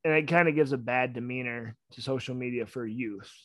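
A young man co-hosting a podcast, telling stories in a loud, animated, casual way. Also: medium pitch, brisk, dry recording. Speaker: podcast co-host. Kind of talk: casual chat.

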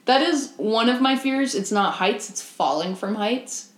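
A young woman co-hosting a podcast, teasing and animated, quick to laugh in casual chat. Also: fairly high pitch. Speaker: podcast co-host. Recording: roomy echo.

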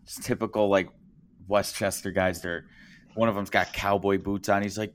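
A man co-hosting a casual sports podcast, telling an excitable story. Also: on the low side, normal speed, slight background noise. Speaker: podcast co-host.

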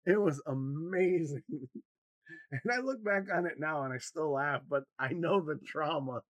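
Guy with a high voice on a podcast mic, swears a lot, rambles and gets animated telling stories, super dry sound. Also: a little slow, no echo. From Wisconsin, US. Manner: rambling, profane, animated storyteller. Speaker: podcast co-host. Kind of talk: casual podcast chat, storytelling.

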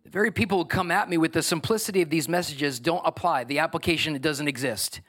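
Man, pastor, sermon, high voice, emphatic, conversational preaching. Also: fast talker. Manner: emphatic, conversational preaching with swings from soft to loud.

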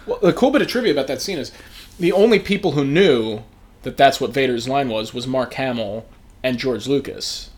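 A man's voice: mid-range voice, expressive. Easygoing young man sharing trivia. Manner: easygoing, shares trivia, slips into quick impressions. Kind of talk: casual chat.

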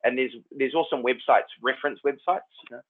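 A man's voice: mid-range voice, fast talker. Kiwi guy, easygoing rambly talk, sounds like hes on a phone line. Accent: New Zealand. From New Zealand. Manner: laid-back, rambling, says "man" and "like" a lot. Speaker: actor, guest. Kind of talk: casual chat.

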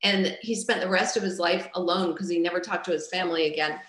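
Middle-aged woman telling her story straight, goes quiet then loud, kinda echoey. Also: steady tone, fast talker. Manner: candid and raw, swinging from low and quiet to loud outbursts. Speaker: speaker sharing her life story. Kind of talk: personal testimony storytelling. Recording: roomy echo.

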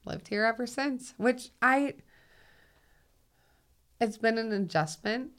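A woman with a Minnesotan accent, a guest talking in a reflective, unhurried way and laughing easily. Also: on the high side, a bit bright. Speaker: guest, 911 call taker and dispatcher. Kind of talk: casual conversation.

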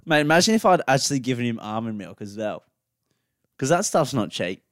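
A man's voice: mid-range voice, sing-song, a little fast, a bit bright, no room sound, clean studio sound. A man with an Australian accent, bluntly telling stories and giving opinions on a casual podcast, swearing freely. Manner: blunt, swears freely, mimics people in anecdotes. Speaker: podcast co-host. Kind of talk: casual podcast banter and storytelling.

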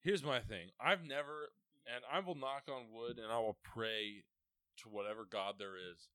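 A young man co-hosting a casual podcast, telling crude stories and jumping into loud, exaggerated voices. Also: normal speed, clean tone, no room sound. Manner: loud, laughing, jumps into high exaggerated voices.

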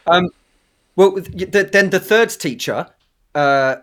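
A man's voice: a little slow, a crowd in the background. A man co-hosting a casual podcast chat, swearing freely and mimicking voices. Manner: lively, swearing, mimics voices with big pitch jumps. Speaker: co-host, former assistant language teacher in Japan.

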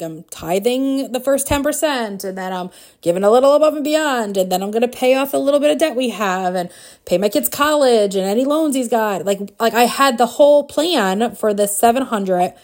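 A woman in her forties hosting a podcast, telling a personal story in a casual, animated way, with frequent laughs and fillers. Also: fairly high pitch, brisk. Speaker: podcast host.

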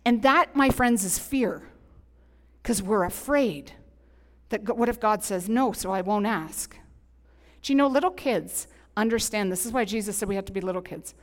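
A middle-aged woman pastor preaching a sermon in an animated, emphatic, conversational way with humorous asides. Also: medium pitch, moderate pace. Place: church sanctuary. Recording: long hall reverb.

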